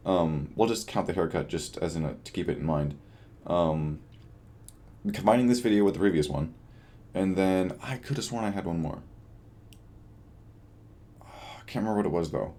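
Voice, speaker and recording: A man's voice: low voice, mellow. Tired young man rambling in a video diary. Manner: rambling, self-deprecating, trails off. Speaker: vlogger.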